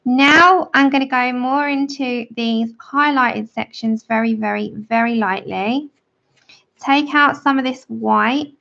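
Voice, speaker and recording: Slow, gravelly woman teaching. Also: fairly high pitch, pushed and bright. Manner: chatty, friendly instructing. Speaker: art tutor. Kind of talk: livestream drawing tutorial, casual chat. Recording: dull lo-fi livestream audio.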